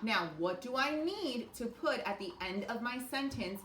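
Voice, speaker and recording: A woman teaching a phonics lesson to young children, speaking slowly and clearly and encouraging them. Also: a little high, lively intonation, fairly bright tone. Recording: echoey room with faint noise.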